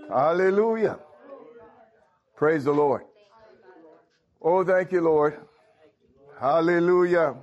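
Male preacher, emphatic and exclamatory; slightly high voice, muffled lo-fi audio. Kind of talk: sermon. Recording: dull lo-fi sound.

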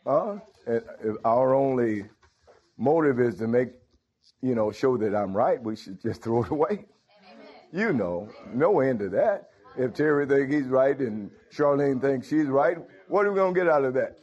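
A man preaching a sermon in an emphatic manner, rising often into high, ringing exclamations of praise. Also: lively intonation, normal speed, darkish tone. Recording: dull lo-fi sound.

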